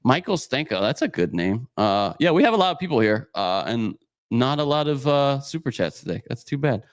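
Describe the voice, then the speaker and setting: A man's voice: medium pitch, very animated, fairly quick, dry recording, studio quality. A man co-hosting a casual podcast, reading viewer comments aloud in a rambling way with many fillers. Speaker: podcast co-host reading super chats.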